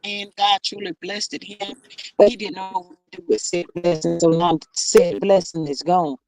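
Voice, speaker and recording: A woman's voice: fairly low pitch, steady tone, normal speed, a little mellow, no room sound, faint music behind, rough recording. A woman hosting a casual livestream chat, reading viewer comments aloud and agreeing emphatically. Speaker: host.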